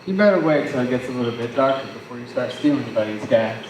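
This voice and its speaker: A teenage boy playing a wordy, sardonic young man in a high school stage play, talking in a theatrical way. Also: lively intonation, fast, lightly acted. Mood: wry. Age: teens. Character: fast-talking self-assured young man courting. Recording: roomy, distant mic, faint noise.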